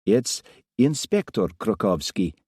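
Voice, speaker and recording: A man's voice: on the low side, big pitch swings, slow pace, a little mellow, slightly rough, no room sound, studio quality, exaggerated voice. A man voicing a blunt Russian policewoman inspector with a Russian accent tinged with American, speaking curtly and formally. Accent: Russian with faint American tones. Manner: curt, formal and commanding.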